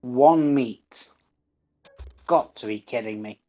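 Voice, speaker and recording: A man chatting his way through a game on a livestream, in an unhurried, drawn-out delivery. He jokes at his own expense and reads the game's tooltips aloud, and the audio is slightly dull and lo-fi. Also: medium pitch, warm tone, soft background music. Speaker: gaming streamer. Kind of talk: casual livestream game commentary.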